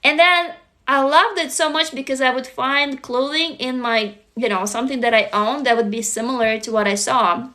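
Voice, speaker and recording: A woman from Russia, hosting a casual livestream chat, gushing and excitable, swearing freely. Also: sits high, normal speed. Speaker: livestream host.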